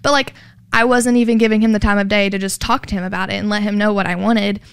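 Earnest woman, gravelly smooth voice. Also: mid-range voice, fairly even intonation, fast, no room sound, clean studio sound. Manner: earnest, heavy use of "like", acts out quoted dialogue. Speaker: interviewee sharing her story. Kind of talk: personal testimony.

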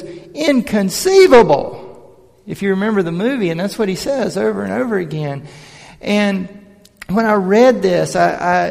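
A man preaching a sermon as pastor, with a gravelly voice that builds to emphatic raised delivery. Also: high voice, darkish tone, big-room sound.

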